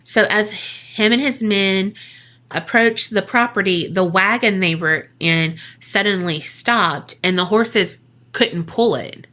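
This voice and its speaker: A woman chats through a spooky tale on a podcast in a bright, forward voice. She takes her time, peppers the story with profanity and jokes, and leaps up in pitch when she plays the people in it. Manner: chatty, profane, jokey asides; acts out quoted voices with big pitch jumps. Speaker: podcast co-host. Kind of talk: casual storytelling.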